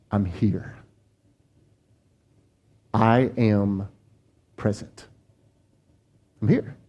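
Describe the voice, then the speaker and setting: A male pastor preaching a sermon in a conversational, animated way, with frequent asides to the congregation. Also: on the low side, muffled recording.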